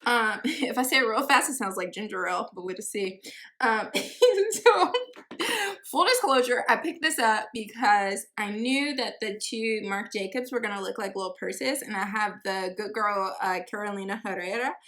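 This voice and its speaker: A woman's voice: on the high side, normal speed, a bit bright. A woman chatting casually through a perfume haul, full of fillers, giggles and teasing herself about pronunciations. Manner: unsure pronunciations, self-teasing. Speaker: beauty vlogger.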